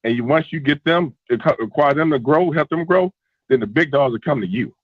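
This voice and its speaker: A stuffy, congested male caller giving steady advice on a call-in show. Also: a little high, a little fast, husky, dry recording. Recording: dull, slightly lo-fi line.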